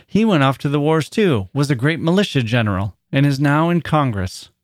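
A man's voice: fairly high pitch, expressive, moderate pace, no room sound, clean studio sound, natural voice. A man doing a thin-voiced old villager. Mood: matter-of-fact. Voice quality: thin, piping.

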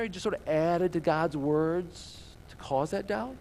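Male pastor delivering an emphatic sermon with rhetorical questions, somewhat high voice, faint background noise. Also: unhurried, gravelly, darkish tone.

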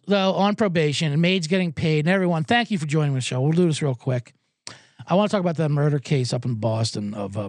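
A man's voice: high voice, dry recording, clean studio sound. A man hosting a comedy podcast, rambling through a self-deprecating monologue. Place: Los Angeles.

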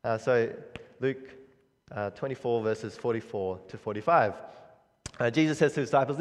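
A man preaching a sermon in an earnest, measured way, pausing and restarting often. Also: mid-range voice. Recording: long reverb of a hall.

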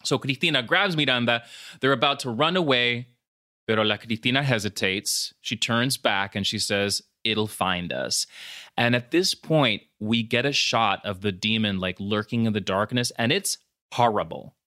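A man's voice: mid-range voice, moderate pace, dry recording, studio quality. A man hosting a podcast, retelling a horror film words, swears and laughs mixed in. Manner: animated storyteller mixing in Spanish words, swears and laughs. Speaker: podcast host. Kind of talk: casual chat recapping a film.

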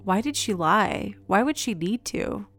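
Gravelly-voiced woman narrator. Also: medium pitch, animated, a little slow, a bit bright, dry recording. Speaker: podcast host and narrator. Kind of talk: scripted narration.

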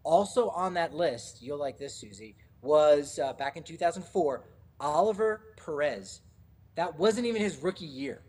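A man co-hosting a casual sports podcast, talking in a relaxed, rambling way with many fillers and restarts. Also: fairly high pitch, a little slow. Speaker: podcast co-host.

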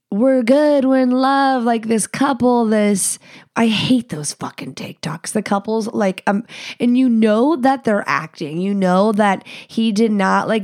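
A sassy woman podcast host delivers a casual monologue, blunt and heavy on swearing. She jumps into higher, mocking voices when she quotes other people. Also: darkish tone.

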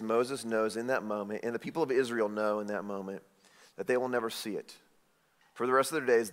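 A man preaching a sermon, retelling a story with lively asides and acted-out quotes. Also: on the low side, big-room sound. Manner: animated storytelling, repeated "right?" asides, acts out quotes. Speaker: pastor.

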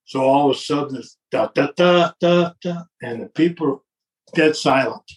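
A man's voice: on the high side, moderate pace, recorded from a distance. An older man telling a long anecdote in casual chat, acting out the quotes with chuckles along the way. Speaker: guest telling a wrestling story. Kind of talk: casual storytelling.

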